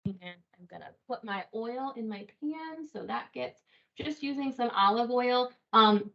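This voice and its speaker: A woman's voice: mid-range voice, a bit bright, lo-fi sound. A woman dietitian teaching a cooking class, explaining each step in a casual, friendly way with a few fillers.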